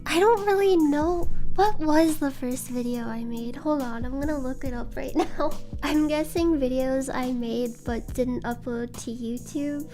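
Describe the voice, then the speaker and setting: A woman with a high, soft voice chats through fan questions in a casual vlog. She giggles often and keeps an easy, unhurried pace. Faint music plays behind her. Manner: giggly and bubbly, laughing often. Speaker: YouTuber answering fan questions.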